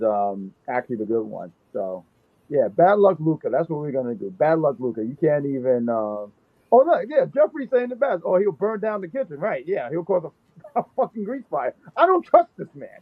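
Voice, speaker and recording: A man's voice: mid-range voice, expressive, brisk, no room sound. A man in his thirties co-hosting a casual wrestling chat, riffing and joking playfully. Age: 30s. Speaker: podcast co-host. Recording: thin phone-like line.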